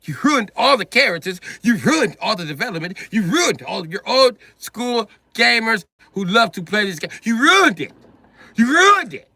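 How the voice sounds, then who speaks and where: A livid British man berating game makers at the top of his lungs, as a man puts him on. The voice jumps high and bright, yelling the same scolding again and again. It sounds close and dry. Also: big pitch swings, moderate pace, no echo, full character voice. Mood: furious ranting. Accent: British, put on. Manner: shouting, scolding, repeats insults.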